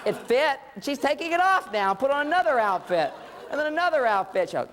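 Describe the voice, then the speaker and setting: A man's voice: very high voice, big pitch swings, fairly quick, a bit bright, a faint crowd, a little hiss or hum. Middle-aged male speaker, comic lecture delivery, plays both sides of the dialogue. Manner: playful, acts out dialogue. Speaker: relationship speaker. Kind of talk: humorous lecture.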